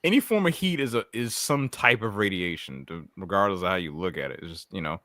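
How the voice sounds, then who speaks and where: A young man chatting casually as a podcast co-host, his voice sitting a bit low but sounding bright and forceful. He laughs easily and jumps up in pitch when something amuses him. The sound is close and dry. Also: animated, a little fast, no room sound. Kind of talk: casual chat.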